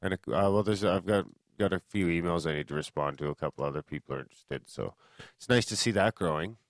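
A man with a very low voice co-hosts a podcast in loose, casual chat. He jokes and swears freely, riffing on his partner's words. The sound is close and dry, with no room around it. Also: fast talker, no room sound. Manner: joking, profane banter. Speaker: podcast co-host.

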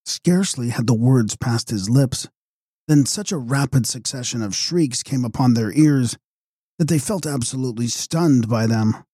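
Male narrator, measured reading, mellow tone, dry close recording. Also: medium pitch, slightly rough, no echo. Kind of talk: audiobook narration of a gothic novel.

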